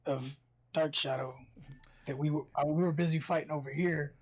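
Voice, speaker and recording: A man playing a tabletop role-playing game and talking casually about his character. His voice is husky and somewhat high, chatty and animated. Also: moderate pace. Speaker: player.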